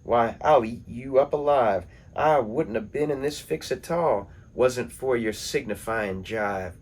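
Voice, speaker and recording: A man's voice: mid-range voice, unhurried, a little mellow, natural voice. A man voicing a proud, battered male lion who growls threats in a spoken story. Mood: threatening. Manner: gruff, threatening.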